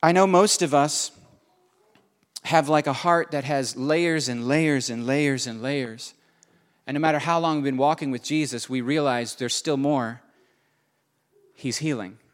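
A man preaching a sermon, earnest, moving between soft and emphatic delivery. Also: medium pitch, unhurried.

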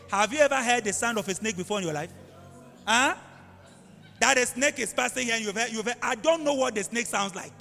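A high-voiced male pastor preaches with lively, swooping pitch, acting out characters and animal noises as he tells his story. His voice is bright with a gravelly edge. The recording carries long hall reverb with faint music behind him. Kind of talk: sermon.

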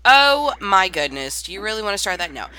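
A woman with a bright, sharp voice speaks at a middle pitch. She co-hosts a podcast and talks in a casual, gushing, excitable way. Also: brisk. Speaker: podcast co-host. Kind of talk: casual chat.

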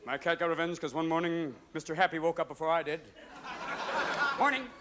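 Manic stand-up comedian, high voice. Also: male voice, little pitch movement, over a noisy crowd, very noisy. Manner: manic, rapid jumps between voices. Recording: live show with loud audience laughter. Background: audience laughter.

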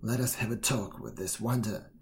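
A man voicing a big, slow, gullible male bear in a storybook reading, in a gruff, blustering manner. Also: fairly low pitch, a little mellow, slight background noise. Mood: gruff, doubtful.

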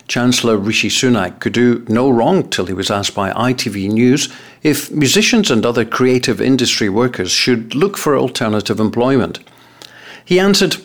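A man reading an opinion column aloud with lively, expressive emphasis. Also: mid-range voice.

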